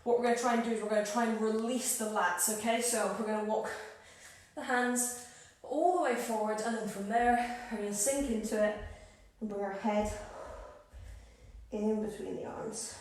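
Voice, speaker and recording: A woman's voice: a little high, fairly even intonation, normal speed, a little mellow. A woman fitness coach giving upbeat workout cues and counting down reps, recorded at home. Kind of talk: live workout instruction. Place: home room. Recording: echoey room, far from mic.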